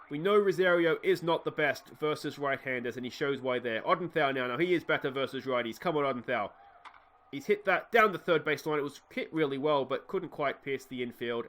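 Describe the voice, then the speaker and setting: A man's voice: fairly high pitch, fairly bright tone. Chatty Australian man calling a game. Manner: chatty, wry asides to the players. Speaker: let's play host. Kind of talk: casual game commentary.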